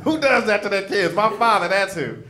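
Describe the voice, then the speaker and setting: A man from Chicago doing punchy, animated stand-up comedy as host on a stage mic. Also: high voice, brisk, slight background noise. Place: comedy stage before an audience.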